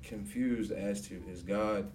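A man talking as a podcast guest, telling stories in a lively, laughing way with profane street slang. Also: lowish voice, takes it slowly, far from the mic, slight background noise. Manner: animated storytelling, laughing often. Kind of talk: casual chat.

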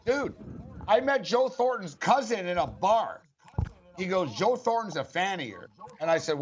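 Man, sports talk host, high-ish voice, animated storyteller, muffled lo-fi recording. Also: normal speed, background noise. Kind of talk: casual storytelling chat. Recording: dull lo-fi audio.

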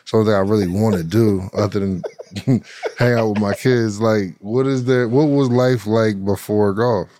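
A man's voice: lowish voice, moderate pace, dark tone, no echo, studio quality. A man co-hosting a podcast, telling stories in loose casual chat with frequent laughter. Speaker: podcast co-host.

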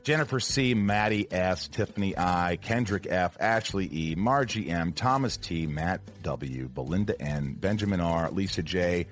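A man's voice: low-pitched, lively intonation, unhurried, few pauses, soft background music. A man hosting his own podcast alone, chatting in a rambling, jokey way. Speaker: podcast host. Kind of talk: casual solo podcast chat.

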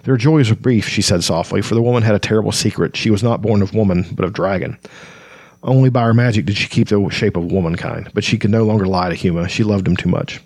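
Low-voiced man reading a fantasy novel aloud. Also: quick pace, a little mellow, breathy edge, dry recording. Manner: reads passages aloud with stumbles, then summarizes with many fillers. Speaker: reader summarizing a fantasy novel. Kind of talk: casual book reading with commentary.

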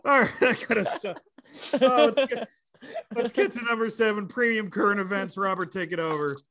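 A man's voice: high voice, moderate pace, background noise. A man co-hosting a podcast in casual chat, reacting with profane outbursts and moving the show along. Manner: wheezing with laughter, profane reactions. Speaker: podcast co-host.

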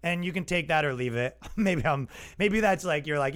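High-voiced man on a sarcastic rant. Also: expressive, moderate pace, a bit bright. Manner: exasperated, sarcastic, acts out quoted voices. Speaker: comedian podcast host. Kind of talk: casual comedic rant.

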